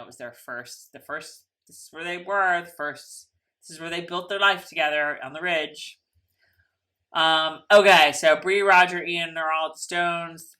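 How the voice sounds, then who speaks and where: Woman co-host, casual recap talk, lower pitch, bright edge, rambling and animated. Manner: chatty, animated, lots of fillers. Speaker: podcast co-host.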